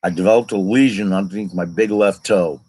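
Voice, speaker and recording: A man in his fifties tells a long personal story in a casual, unscripted way. His voice sits a little low, and he wanders through side stories before returning to the main thread. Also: brisk, mellow, slightly rough, poor audio. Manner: rambling, digressive personal storytelling. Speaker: vlogger telling his own story.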